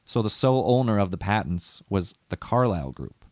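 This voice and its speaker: Rambling, profane man, low voice. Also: expressive, fairly quick, darkish tone, no echo, studio quality. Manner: rambling, profane, loses his notes. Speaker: podcast host. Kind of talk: casual conspiracy podcast chat.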